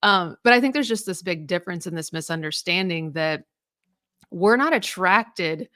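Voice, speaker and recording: With a fairly low pitch, sharp tone and moderate pace, an animated woman in her thirties co-hosts a podcast. She chats casually and rambles, using lots of fillers and restarts, in a studio-quality recording without room sound.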